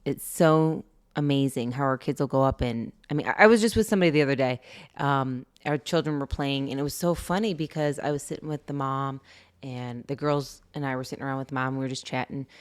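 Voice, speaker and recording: A middle-aged woman co-hosting a parenting podcast, telling stories in a casual, animated way and laughing often. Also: extremely low pitch, clean tone. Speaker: podcast co-host. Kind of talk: casual chat.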